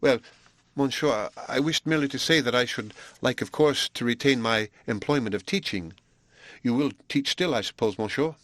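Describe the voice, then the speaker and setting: A man voicing a shy, earnest young Belgian woman, speaking softly and hesitantly. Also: medium pitch, normal speed, dry recording, voice pushed up, close to an everyday voice. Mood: bright, eager. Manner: soft, quiet and hesitant.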